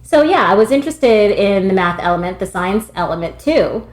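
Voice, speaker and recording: A candid woman in her thirties, talking casually and freely about herself. Her voice sits at a middle pitch and carries a roomy echo around it. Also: expressive, normal speed. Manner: candid, self-deprecating, laughs often. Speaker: podcast guest, admin staff at a tutoring studio. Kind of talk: casual interview chat.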